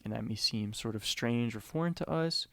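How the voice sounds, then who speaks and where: A man's voice: mid-range voice, moderate pace, creaky, a bit bright, dry recording. An American man giving an informal history lecture in a loose, conversational way, full of "you know" fillers. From United States.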